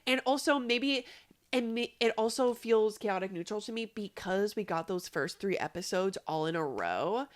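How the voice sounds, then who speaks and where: A woman co-hosting a podcast in casual chat, animated and quick to laugh and agree. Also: mid-range voice. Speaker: podcast co-host.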